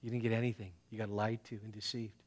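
A man preaching a sermon as pastor, talking casually and swinging between loud bursts and hushed asides. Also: on the low side, level tone, fast.

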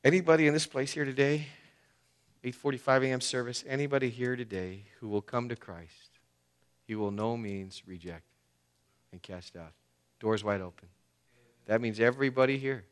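A male pastor preaching a sermon in a church. He talks in a conversational way with fillers, swinging between loud emphasis and hushed tones. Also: medium pitch, steady tone, moderate pace, pauses often, smooth. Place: church sanctuary.

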